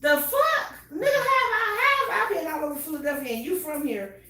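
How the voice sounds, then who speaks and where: A woman with a Southern American accent who hosts a casual chat and tells stories in a loud, profane, animated way. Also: very high-pitched, moderate pace, heavy reverb, recorded from a distance. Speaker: host.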